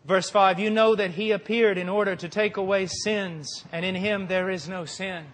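A man preaching a sermon with passion, moving from quiet, deliberate phrases to forceful peaks. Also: high voice, fairly even intonation. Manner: impassioned, swings from quiet to forceful.

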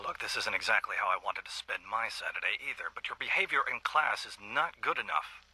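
A man's voice: fairly low pitch, normal speed, noisy background, natural voice. A man playing a stern, weary male schoolteacher, lecturing in a video game audio log.

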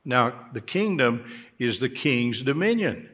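A man's voice: mid-range voice, very animated, takes it slowly, fairly bright tone. A male pastor delivering a sermon in a church, folksy in tone and rising emphatically on key words. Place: church sanctuary.

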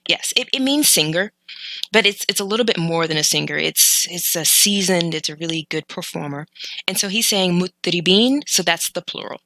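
With a lowish, bright, forceful voice at a moderate pace, a woman learner explains vocabulary from clips in a casual, think-aloud manner full of hesitant restarts and corrections. The recording is rough, with no room sound.

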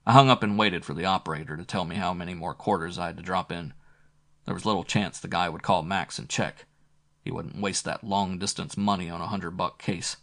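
A man's voice: sits low, fairly even intonation, brisk, a bit bright. A man narrating a first-person hardboiled crime novel in a terse, clipped way. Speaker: audiobook narrator.

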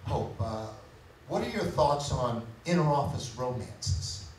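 A man's voice: mid-range voice, expressive, a little mellow, a little hiss or hum. A man playing a hesitant, awkward boss. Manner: hesitant, halting with fillers. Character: reserved, awkward male boss confessing feelings. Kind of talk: community stage musical acting. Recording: echoey hall from far off.

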